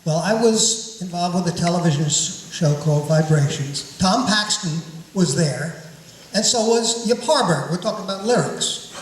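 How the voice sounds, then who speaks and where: A man with a high voice jumps in eagerly to tell a chuckling anecdote on stage. He is some way from the mic, and his voice echoes through a large hall with faint noise behind it. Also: expressive, normal speed, far from the mic.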